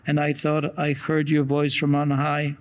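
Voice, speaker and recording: A male preacher delivering a sermon in an earnest, measured way. His voice sits a little high for a man and stays almost completely flat in pitch. He pauses often and sometimes restarts a phrase. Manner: earnest, reads quotations aloud with pauses and restarts.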